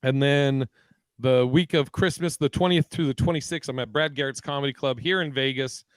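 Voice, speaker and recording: Dry-voiced comedian telling a story. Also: male voice, medium pitch, normal speed, dry recording, low-quality recording. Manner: storytelling, acts out quotes in voices. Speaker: podcast co-host, comedian. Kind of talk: casual chat.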